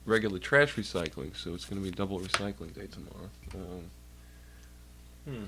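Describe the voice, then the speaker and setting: A man's voice: sits low, normal speed, very noisy. A young man streaming from home, chatting casually into a desk mic, rambling and swearing, with a slightly stuffed, nasal nose. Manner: rambling, profane, jokey, talks to chat. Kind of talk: casual chat on a livestream.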